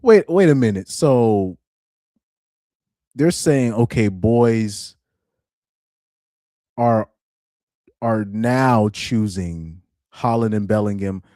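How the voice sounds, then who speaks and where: A young man talks slowly and casually through a live reaction stream, often laughing and stumbling over repeated words. His voice sits low and sounds dark and mellow. The recording is dry and close. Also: animated, no room sound. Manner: laughs often, repeats himself, stammering restarts.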